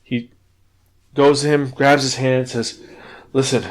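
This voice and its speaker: A man's voice: medium pitch, takes it slowly. Casual man retelling a story. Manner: animated storytelling, swearing, stumbling restarts. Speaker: podcast host and manga reviewer. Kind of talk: casual spoken review, retelling a plot.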